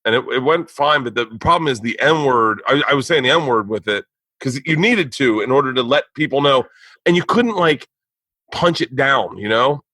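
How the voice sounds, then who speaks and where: A man hosting a podcast, telling a long story to friends, animated, laughing and swearing often. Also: mid-range voice, moderate pace, dry recording. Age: young adult. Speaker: podcast host.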